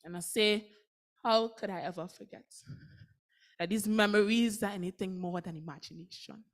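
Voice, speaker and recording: A woman's voice: medium pitch, normal speed. A woman performing a spoken word poem with an intense, dramatic delivery. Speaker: slam poet.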